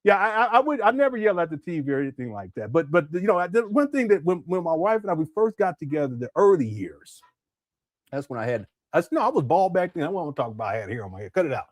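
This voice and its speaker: A man's voice: high voice, sing-song, rapid-fire, few pauses, no room sound, clean studio sound. A man hosting a casual livestream, reading chat messages aloud and laughing often as he talks back to viewers.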